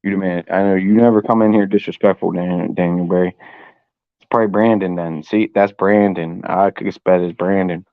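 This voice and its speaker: A rambling, profane man, talking to his livestream chat in a lowish voice and coughing now and then. The sound is dull and completely dry, close to a cheap home mic. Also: steady tone, moderate pace, no echo. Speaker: sports fan livestream host.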